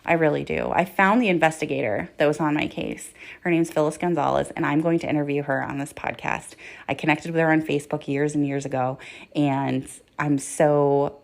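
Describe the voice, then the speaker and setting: A woman's voice: low-pitched, steady tone, normal speed, vocal fry. A woman hosting a podcast, telling her own story in a raw, blunt way with heavy swearing and lots of fillers. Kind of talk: candid personal storytelling.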